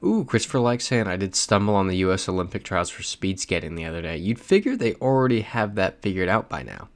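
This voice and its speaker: Talking fast with big swings in pitch, this man has a voice that sits low. During his casual livestream he chats freely and reads out his viewers' messages while playing.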